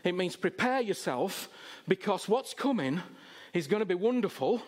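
A male preacher with a high-pitched voice delivers a sermon. He swings between loud, fervent exhortation and soft, intimate asides to the congregation. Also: lively intonation, moderate pace.

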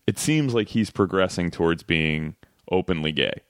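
A man guesting on a podcast in casual chat, relaxed and wry, often trailing off and restarting. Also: low voice, moderate pace, no echo, studio quality. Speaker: comedy writer guest.

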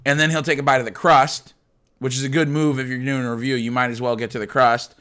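A man's voice: medium pitch, little pitch movement, quick pace, a bit bright, clear, resonant tone. A young man co-hosting a podcast, chatting casually and ranting bluntly with crude jokes. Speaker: podcast co-host. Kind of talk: casual chat.

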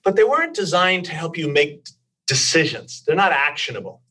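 A man's voice: a little high, sing-song, moderate pace, pushed and bright. Male CEO guest, confident and explanatory, a little distant from the mic. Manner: confident, explanatory, with many "you know"s. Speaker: company president and CEO, guest. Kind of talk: interview answers.

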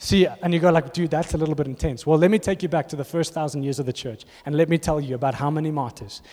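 A fairly high-voiced man, preaching to his congregation. He speaks with passion and rises into emphatic bursts. His voice rings out with long reverb through a large church hall. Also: darkish tone. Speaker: pastor. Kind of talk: sermon. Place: church auditorium.

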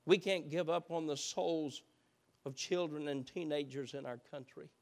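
A male pastor preaching a sermon, swinging between soft, quiet stretches and impassioned, rising passages. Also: fairly high pitch, moderate pace, gravelly. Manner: builds to impassioned shouting, then drops soft.

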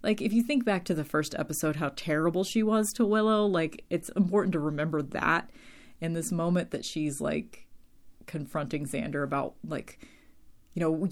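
At a normal speed, a low-voiced woman casually recaps a TV episode. She rambles and peppers her talk with "like" and "um," and her voice is tiring from talking so long.

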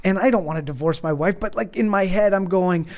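A man's voice: sits high, brisk. A man in his thirties on a podcast, telling a story in casual chat and acting out the quotes in a raised voice. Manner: animated, acts out quotes in raised voice. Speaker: podcast host.

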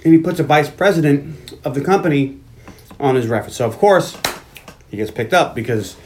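A podcast host casually retelling a movie plot, loose and profane, with frequent laughs. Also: male voice, a little high, expressive, a little fast, slight background noise. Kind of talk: casual movie recap chat.

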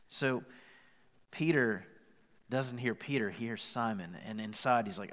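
Impassioned preacher in a reverberant hall. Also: male voice, unhurried, pauses often, fairly bright tone. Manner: impassioned, rising in pitch and volume as he presses his point. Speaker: pastor. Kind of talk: sermon.

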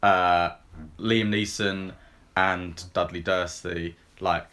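A man's voice: low-pitched, slow pace. A man co-hosting a podcast, reviewing films in casual chat and retelling scenes in a rambling way, full of ums and likes. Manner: rambling and filler-heavy, lots of ums and likes; relaxed, retelling film scenes in plain everyday talk.

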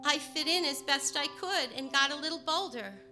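A woman from Chicago telling a personal story, partly in rhyming verse, moving between hushed and emphatic delivery. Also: sits high, expressive, normal speed, soft background music. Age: adult.

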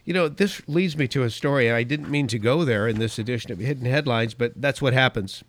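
A man's voice: medium pitch, fairly quick, few pauses, no echo. A middle-aged man hosting his own opinion podcast, talking emphatically and wandering off on tangents as he shares stories. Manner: rambling, emphatic, goes off on tangents. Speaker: podcast and radio host.

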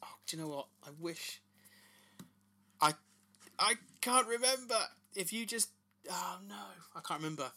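A man in his thirties with a bright, forward voice, chatting with enthusiasm. He talks a little higher than most men and tells his stories in a lively way. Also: moderate pace, pauses often. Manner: enthusiastic, animated storytelling. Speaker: podcast co-host. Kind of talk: casual chat.

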